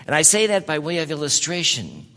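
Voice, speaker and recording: Folksy pastor in a reverberant church. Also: male voice, a little high, wildly swooping pitch, brisk, sharp tone. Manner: folksy storytelling, addresses congregation by name. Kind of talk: sermon.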